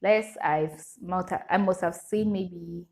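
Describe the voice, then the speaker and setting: A woman's voice: on the low side, steady tone, unhurried. Chatty Nigerian woman answering questions. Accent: Nigerian English. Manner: chatty, reads questions aloud then answers with frequent laughter. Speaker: vlogger. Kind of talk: casual Q&A chat to camera.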